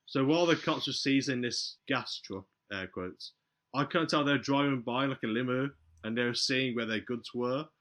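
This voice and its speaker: A man's voice: mid-range voice, moderate pace. A man casually retelling a film plot on a podcast, acting out the characters' lines as he goes. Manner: animated retelling, acts out movie lines.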